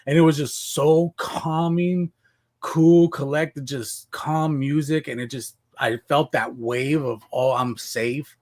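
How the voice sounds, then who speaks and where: A man from Washington State telling his life story as a podcast guest, casual and animated, acting out what he said back then. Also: a little high, takes it slowly. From Washington State, USA. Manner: animated, acts out his own past voice.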